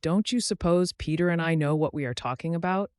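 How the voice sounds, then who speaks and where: A man's voice: a little high, brisk, darkish tone, clean tone, dry recording, clean studio sound, voice pushed up, natural voice. A man voicing a confident, somewhat testy male muskrat who speaks with assurance.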